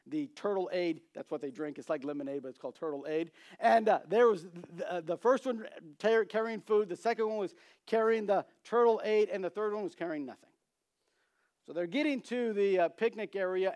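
High-pitched preacher man telling stories. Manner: storytelling, acts out quoted voices, animated emphasis. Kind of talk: sermon with humorous illustrations.

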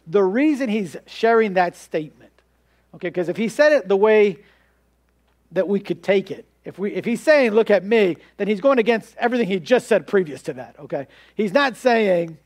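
A man's voice: high-pitched, expressive, moderate pace, darkish tone. A male pastor preaching a sermon in a conversational way, repeating words and asking rhetorical questions.

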